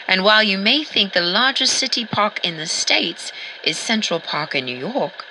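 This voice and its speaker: A woman's voice: fairly low pitch, bright, forceful tone, a little hiss or hum, heavily acted, rough recording. A woman playing a chipper 1940s radio host who tours towns and gives fashion advice in a chatty, enthusiastic, slightly theatrical way.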